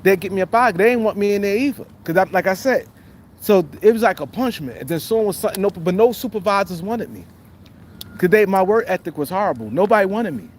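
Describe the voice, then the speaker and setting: Man with a higher-pitched voice, telling a loose street-slang story, faint background noise. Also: expressive, fast talker. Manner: rambling, heavy street slang, lots of fillers and restarts. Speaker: guest telling his life story. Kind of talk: casual storytelling.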